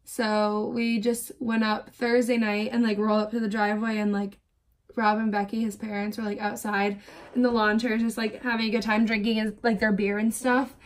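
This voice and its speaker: A woman's voice: mid-range voice, flat delivery, moderate pace. A young woman in her twenties telling rambling stories while doing her makeup for a get-ready-with-me vlog. She fills her talk with "like" and vents with exasperation. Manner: rambling, lots of filler "like"; exasperated, venting. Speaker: beauty vlogger. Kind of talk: chatty get-ready-with-me storytelling.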